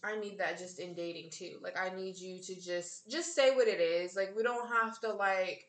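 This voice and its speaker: A woman's voice: medium pitch, moderate pace. A young woman co-hosting a podcast, chatting frankly with laughing banter. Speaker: podcast co-host. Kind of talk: casual chat. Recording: echoey room.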